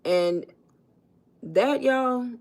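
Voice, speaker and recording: A woman's voice: on the high side, expressive, drawn-out words, darkish tone. A woman chatting casually on a phone livestream, coaching her viewers and calling them "y'all" in loose, informal speech. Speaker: online business coach.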